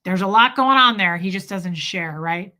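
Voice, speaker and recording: A woman's voice: medium pitch, normal speed, bright, forceful tone. A woman hosting a livestream, telling a heartfelt personal story to her chat in a confiding way with many restarts. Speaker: livestream host.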